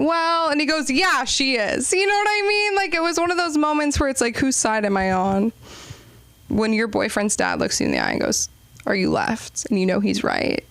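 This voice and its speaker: A young woman from Los Angeles hosts a small comedy open mic. Her voice is smooth and clear, with a dry, close sound, and her jokes drift and undercut themselves. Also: medium pitch, a bit bright, dry recording. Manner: rambling, self-deprecating, ironic. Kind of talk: stand-up comedy hosting. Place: small comedy club stage.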